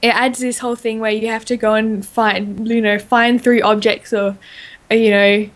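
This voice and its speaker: A woman with an Australian accent, co-hosting a podcast and chatting excitedly about game lore with plenty of fillers. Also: a little high, normal speed. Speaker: podcast co-host. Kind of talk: casual podcast chat.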